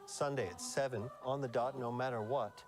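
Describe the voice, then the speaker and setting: An actor plays a calm family-minded hero in a movie trailer. He speaks matter-of-factly in an even, mid-pitched voice. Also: moderate pace, noisy background, close to an everyday voice. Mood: steady.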